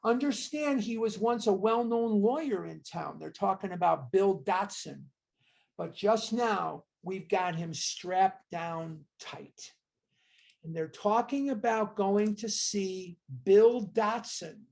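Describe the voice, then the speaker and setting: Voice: medium pitch, slow, creaky, darkish tone. A study group leader teaching a book study over a video call, talking in an emphatic way and asking rhetorical questions to lead the group.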